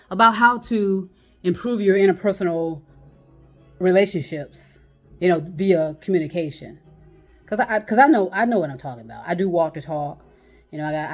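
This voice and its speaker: A woman with a fairly low voice talks straight to her viewers without a script. She rambles from thought to thought, blunt and profane, often breaking into a laugh before going on. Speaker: channel host giving communication tips. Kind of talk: unscripted casual monologue.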